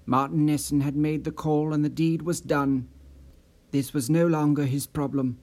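A man narrating an unabridged audiobook in a measured, expressive storytelling manner. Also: a little high. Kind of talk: scripted narration.

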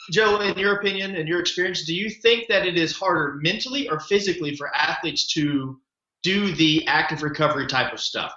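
A man hosting a podcast, enthusiastic and rambling, telling stories and asking long questions. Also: fairly high pitch. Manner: enthusiastic, rambling, animated storytelling. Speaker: podcast host. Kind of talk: casual podcast chat. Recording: echoey lo-fi room.

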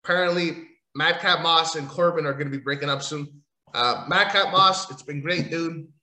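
A man giving a rambling, crude and mocking recap of wrestling, breaking into loud outbursts. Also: fairly high pitch, normal speed, reverberant. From Italian heritage. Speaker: wrestling commentator. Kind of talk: profane casual wrestling recap.

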